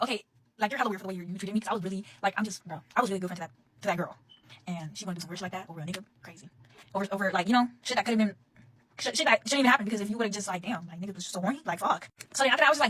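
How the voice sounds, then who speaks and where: A young woman telling a heated, profane storytime straight to her phone camera, talking casually and fast. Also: mid-range voice, a bit bright, slightly rough, low-quality recording.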